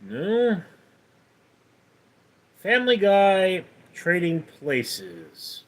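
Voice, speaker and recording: Slow, lively livestreaming man. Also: high-pitched. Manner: reads viewers' chat questions aloud and answers them. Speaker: livestream host. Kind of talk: casual live chat.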